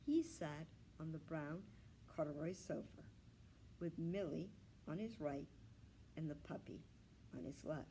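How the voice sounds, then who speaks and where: A librarian reads a children's storybook aloud, gentle and expressive. Her pace is slow and unhurried, her pitch lively, with a faint hum of room ambience behind her. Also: poor audio.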